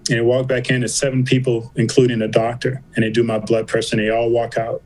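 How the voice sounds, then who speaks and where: A man as a podcast guest, telling a story in a loose, conversational way. He acts out each quoted line, and his voice sits at an average pitch. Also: monotone, fast, darkish tone, slight background noise, rough recording. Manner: vivid retelling, acting out quoted voices. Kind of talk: casual interview storytelling.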